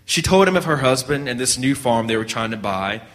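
A man reading a story aloud at a measured pace, now and then restarting a word. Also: medium pitch, expressive, fairly bright tone, long reverb tail. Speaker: narrator.

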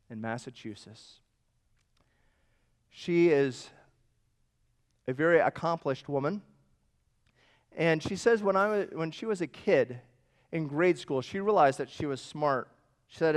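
A male pastor with a high voice delivers a sermon in a hall full of reverb.

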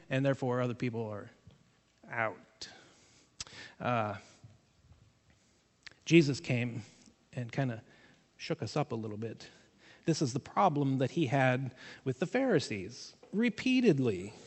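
Male pastor, fairly high voice for a man, relaxed and conversational with jokey asides, preaching a sermon in a church sanctuary that rings with a long reverb.

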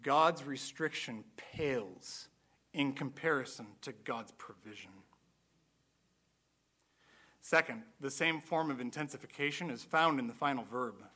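Bright-voiced man preaching a sermon. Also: medium pitch. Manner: earnest, emphatic, slows down for emphasis.

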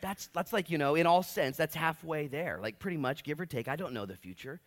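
A man in his late thirties preaching a sermon, telling stories and acting out quotes with big swings between loud and quiet. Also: fairly high pitch, fairly quick. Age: 30s. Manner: animated storytelling, big swings in loudness, acts out quotes. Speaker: pastor.

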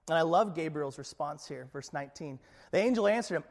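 A man's voice: fairly high pitch, expressive, a little fast, big-room sound. A man preaching a sermon as pastor, conversational and joking, often checking in with the congregation. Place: church.

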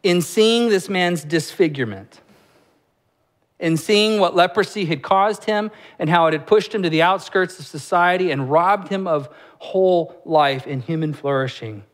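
A man delivers a sermon from the pulpit with a slightly high voice. He explains scripture conversationally, tossing in rhetorical questions and light asides. On the weightier lines he slows down and his voice drops low and soft. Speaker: pastor.

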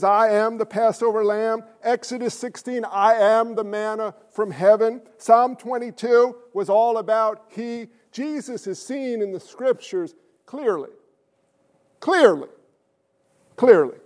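A male pastor preaching a sermon with emphatic stresses, hushed asides and rhetorical questions to the congregation. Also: very high-pitched. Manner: swings between loud stresses and hushed asides.

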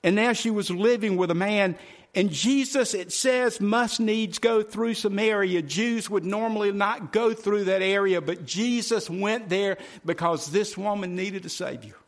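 A male preacher giving a sermon in a folksy way, talking straight to the congregation and swinging from loud, driving phrases to hushed ones. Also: high voice, a little slow. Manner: folksy, addresses congregation directly.

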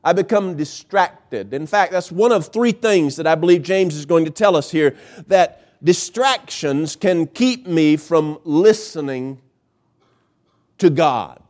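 A male pastor preaching a sermon, emphatic, with dramatic pauses and swings in pitch. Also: expressive, a little mellow.

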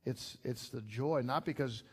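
A man's voice: medium pitch, unhurried, a little mellow, breathy edge. Man, middle-aged pastor, sermon, conversational delivery, emphatic bursts, mid-range voice. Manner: conversational preaching, rising to emphatic peaks. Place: church gathering.

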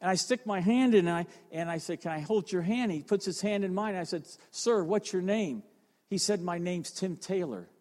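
Fervent high-voiced man preaching in a hall. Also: moderate pace, darkish tone. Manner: fervent, storytelling, repeats phrases for emphasis. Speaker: fire chief and chaplain preaching. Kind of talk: sermon. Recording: long reverb of a large hall.

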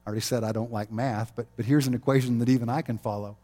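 Brief: male pastor, warm mellow voice, conversational sermon with frequent chuckles. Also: medium pitch, steady tone, racing. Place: chapel.

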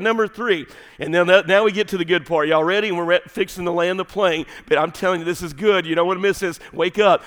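A male pastor preaching a sermon, folksy and animated, daring the congregation. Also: high voice, smooth. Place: church sanctuary. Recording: long hall reverb.

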